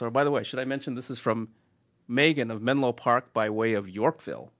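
A man's voice: mid-range voice, brisk, fairly bright tone. Man reading a listener letter, laughing. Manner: laughs while reading, stumbles over words. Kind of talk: casual chat, reading a letter aloud.

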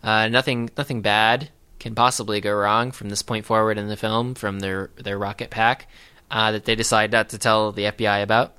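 A man's voice: lowish voice, flat delivery, moderate pace, sharp tone, smooth. A man co-hosting a casual podcast, recapping a film in a rambling, hesitant way with lots of fillers and dry sarcasm. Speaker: podcast co-host.

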